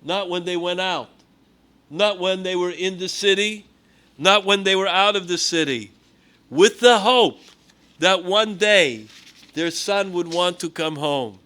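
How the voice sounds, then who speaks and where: A rabbi giving a sermon, telling a story with Hebrew and Yiddish words and swinging between loud emphasis and hushed tones. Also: male voice, sits high, unhurried, clean tone.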